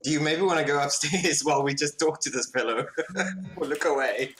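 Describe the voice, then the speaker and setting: A man's voice: on the high side, moderate pace, fairly bright tone, slight background noise, low-quality recording. A man playing a tabletop game who chats casually, with an uncertain, giggly manner. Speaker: player.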